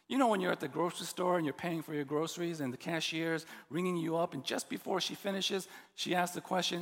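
A man preaching a sermon as pastor, expressive and building to emphatic, repeated points. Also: a little high, quick pace, vocal fry, hardly any pauses, big-room sound.

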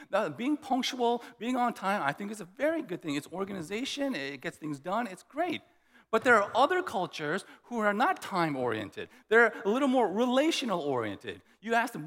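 Animated preacher man in an echoing hall. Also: sits high. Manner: storytelling, animated, acts out both sides of conversations. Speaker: pastor. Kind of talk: sermon.

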